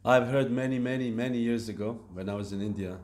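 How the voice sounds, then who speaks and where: A man giving a devotional lecture at a temple, speaking in a halting way with fillers and restarts. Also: mid-range voice, darkish tone. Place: temple hall.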